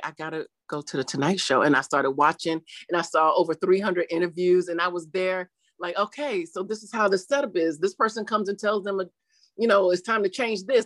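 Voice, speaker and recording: A middle-aged woman who does comedy on YouTube answers interview questions animatedly, laughing often and acting out quotes in different voices. Her voice is mid-range, with no room sound.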